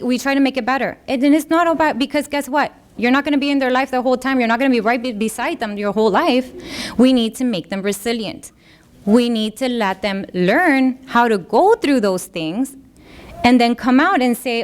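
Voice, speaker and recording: Woman, slightly high-pitched, earnest, conversational, parenting workshop talk, acts out quotes. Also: normal speed. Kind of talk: informal presentation to parents.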